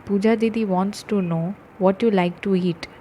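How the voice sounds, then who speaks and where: A woman's voice: medium pitch, fairly even intonation, a little fast, warm tone, slight background noise, lightly acted. A woman narrator voicing a cheerful, bossy young woman who teases her fiancé and hands out orders. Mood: teasing. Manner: playful, giving orders.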